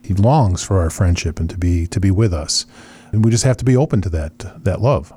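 A man's voice: sits low, lively intonation, brisk, warm tone, breathy edge. A man hosting a radio talk show, chatting with a guest and offering friendly affirmations. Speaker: radio host. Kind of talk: casual radio interview.

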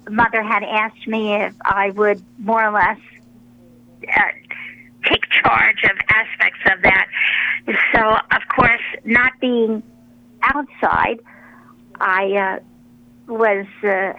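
A woman, a religious sister, telling stories in a relaxed radio interview, pausing often with fillers as she rambles along. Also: mid-range voice, muffled recording. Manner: rambling, warm storytelling with many pauses and fillers.

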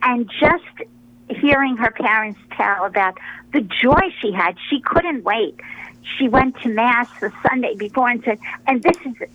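A woman, a religious sister, chats on a radio program in a fairly high voice. She tells her stories in a rambling way, with fillers and restarts. The sound is dull and muffled, as if over a phone line. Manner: rambling, warm storytelling with many pauses and fillers. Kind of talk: casual radio interview.

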